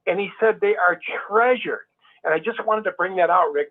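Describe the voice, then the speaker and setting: Heated and emphatic, a guest speaks briskly in a voice that sits high, frequently starting his sentences over. It's a casual conversation, and the audio has the tinny quality of a phone line.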